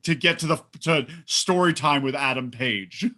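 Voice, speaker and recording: A man co-hosting a casual wrestling talk show, animated and reading live chat comments aloud. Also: medium pitch, normal speed. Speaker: podcast co-host.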